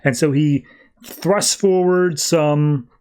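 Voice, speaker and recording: A man's voice: on the high side, slow, a little mellow, clean tone. A man hosting a podcast, casually recapping a comic with loose, filler-heavy paraphrase. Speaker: podcast host.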